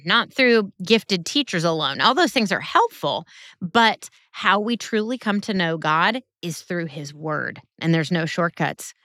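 A woman's voice: medium pitch, fairly bright tone, no echo, clean studio sound. A woman giving a Bible teaching sermon in an earnest, conversational way with emphatic turns.

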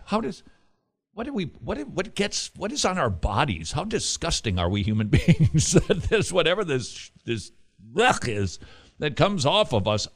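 Lively, emphatic male Christian radio host. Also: a little high. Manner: lively, emphatic, rising to forceful exhortation; quick, chatty asides with restarts and laughs. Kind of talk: casual Christian radio talk.

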